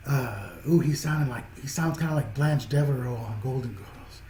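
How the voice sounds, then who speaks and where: Rambling man with a mellow, echoey voice. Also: medium pitch, a little slow. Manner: rambling, repeats and restarts phrases, chuckles often. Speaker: film reviewer. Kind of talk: casual spoken film review. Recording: echoey room with faint background noise.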